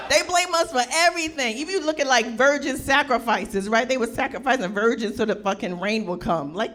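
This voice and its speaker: A woman performing a stand-up set, brash, profane and punchy. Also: on the high side. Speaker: stand-up comedian. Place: live comedy show with audience. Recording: loud audience laughter and noise.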